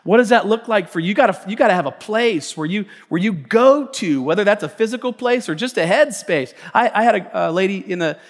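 A man with an American accent preaching a conversational, animated sermon as pastor, often repeating words and acting out voices. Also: sits high, a little fast, few pauses. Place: church sanctuary. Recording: church hall reverb with music behind. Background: soft instrumental music.

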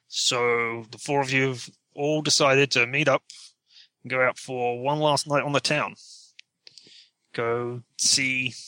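A man's voice: mid-range voice, bright, forceful tone, no room sound. A man narrating a tabletop role-playing game as game master, chatty and often correcting himself mid-sentence. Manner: chatty, self-correcting, quick to laugh.

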